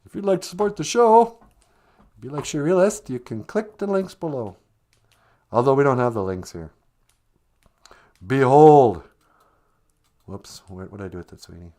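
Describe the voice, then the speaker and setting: A man's voice: medium pitch, brisk. A man hosting a comic live-stream language lesson, joking and laughing easily as he explains words. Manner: joking, laughs often, relaxed teaching.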